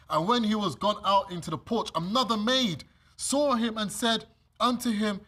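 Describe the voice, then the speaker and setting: A man with a British accent, preaching a sermon and reading scripture, animated and acting out the scenes. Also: high voice, moderate pace. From Britain. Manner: animated, acts out scenes, laughs often. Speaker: preacher leading bible study.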